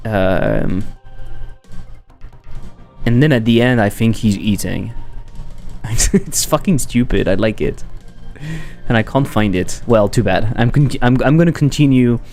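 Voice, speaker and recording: A man's voice: on the low side, slow, vocal fry, long pauses, a little mellow, faint music behind. A man chatting casually on a live stream while coding, rambling, swearing and breaking off mid-sentence. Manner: rambling, swearing, self-interrupting. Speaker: streamer and game developer.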